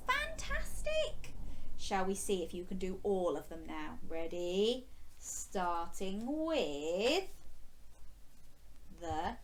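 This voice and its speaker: A woman leads a children's phonics lesson in a sing-song, bouncy voice that swoops up and down. She talks very slowly and drags out the letter sounds. A faint background hiss sits under the recording. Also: mid-range voice. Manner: animated, sing-song, gasping with exaggerated surprise. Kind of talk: interactive lesson for young children.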